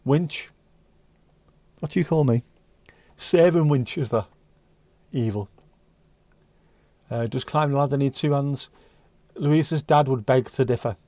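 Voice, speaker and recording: A man's voice: mid-range voice, unhurried, pauses often, dark tone, dry recording. A man from North West England, hosting a casual livestream and bantering with chat comments. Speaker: livestream host.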